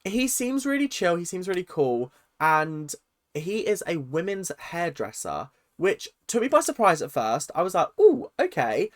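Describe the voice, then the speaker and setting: A man, chatting through a casual, opinionated rant vlog full of lively asides. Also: high-pitched, measured pace. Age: 20s. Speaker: vlogger.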